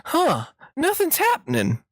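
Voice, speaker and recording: A man voicing a dim-witted old Southern lady on a phone call, in a high quavering falsetto. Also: huge pitch swings, measured pace, no echo, clean studio sound, exaggerated voice. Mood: sweetly dim.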